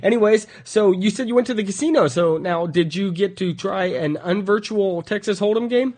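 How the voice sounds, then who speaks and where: A man's voice: high voice, moderate pace, darkish tone. A man co-hosting a casual gaming podcast, joking around and laughing often. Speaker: podcast co-host.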